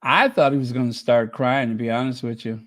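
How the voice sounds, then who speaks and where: A man's voice: medium pitch, steady tone, fairly quick, dry recording. A man hosting a commentary channel, talking casually in a sarcastic, mocking way and rambling with many fillers and restarts.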